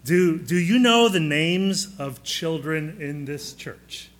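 Preaching pastor, man, slightly high voice. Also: lively intonation. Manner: asks the congregation questions, slows for emphasis. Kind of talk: sermon.

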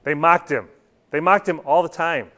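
A man's voice: fairly high pitch, moderate pace, bright, forceful tone. A man teaching a church Bible class, talking earnestly and putting questions to his students.

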